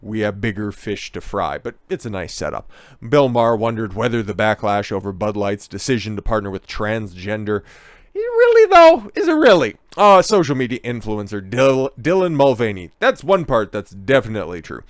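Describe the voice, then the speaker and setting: A man's voice: on the low side, normal speed, no echo, studio quality. A man hosting his own online commentary show, ranting in a crude, sarcastic, profane way.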